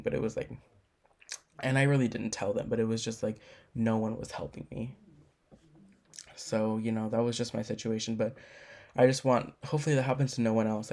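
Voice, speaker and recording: A man's voice: medium pitch, creaky, darkish tone. A young man giving a class presentation, telling a personal story in a rambling, casual way with many filler words. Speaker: student presenter.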